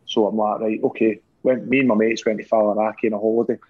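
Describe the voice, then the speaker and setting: A man's voice: fairly low pitch, flat delivery, quick pace, husky, phone-quality sound. A man with a Scottish accent, a former footballer, telling swearing, laughing anecdotes in casual chat.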